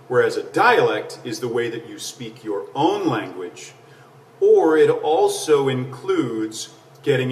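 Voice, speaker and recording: A middle-aged man, an accent coach, explaining clearly and patiently and checking in with questions as he goes. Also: medium pitch, a little hiss or hum. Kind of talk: explanatory talk to camera. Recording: roomy, slightly distant mic.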